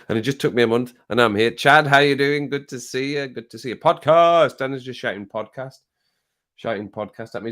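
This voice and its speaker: A man's voice: medium pitch, fairly bright tone. A man chatting casually on a live stream, reading viewer comments aloud and laughing often. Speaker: music reaction streamer.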